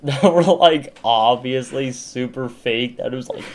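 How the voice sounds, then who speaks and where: A man's voice: medium pitch, unhurried, a crowd in the background. A young man co-hosting a podcast, telling childhood stories in casual chat with lots of fillers and laughter. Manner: laughing storyteller, heavy on fillers. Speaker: podcast co-host.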